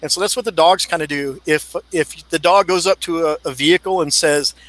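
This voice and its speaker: Bright, dry-voiced man explaining. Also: fairly high pitch, a little fast, no echo, poor audio. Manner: explains at length, acts out dog thoughts in quotes. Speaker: dog handling expert guest. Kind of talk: casual podcast discussion.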